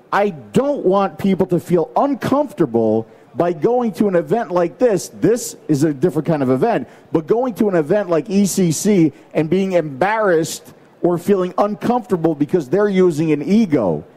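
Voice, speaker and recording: A man with an American accent whose voice sits on the high side yet sounds soft and mellow. He talks to a conference audience in a loose, emphatic way, circling back with fillers and repeated words. Picked up on a stage mic. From United States. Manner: emphatic, rambling, many fillers. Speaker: conference panelist. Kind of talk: casual conference talk.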